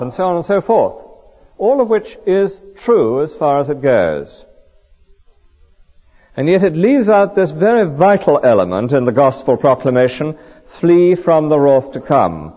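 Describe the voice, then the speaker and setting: A man's voice: medium pitch, big-room sound, dull audio. A man preaching a sermon, earnest and full of rhetorical questions and vivid stories.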